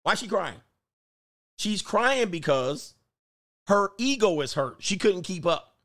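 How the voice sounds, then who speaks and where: Guy ranting on his channel, kinda higher voice, tells stories and acts out everybody in them. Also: takes it slowly. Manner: animated storytelling, acts out voices, laughs often. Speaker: host. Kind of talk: casual commentary rant.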